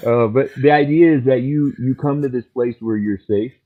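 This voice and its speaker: A man who is a trauma counselor, co-hosting a podcast and speaking in a measured, reflective way with many pauses. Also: medium pitch. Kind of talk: casual podcast chat. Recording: tinny phone-like line.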